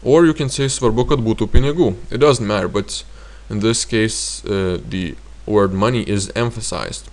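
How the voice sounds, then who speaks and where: A man with a Lithuanian accent teaching grammar in a slow, halting way with frequent fillers. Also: on the low side, a little mellow. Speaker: language teacher.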